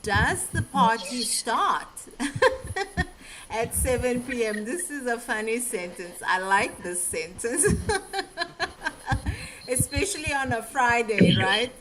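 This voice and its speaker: A woman teaching a live beginner English lesson, speaking slowly and carefully and laughing often. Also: a little high, animated, fairly bright tone, slight background noise, poor audio.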